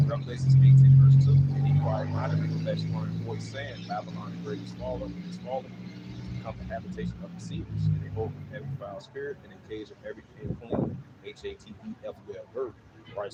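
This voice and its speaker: A man preaching outdoors on a city street, reading scripture verse by verse with frequent fillers. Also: on the low side. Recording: noisy outdoor street recording. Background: loud traffic noise.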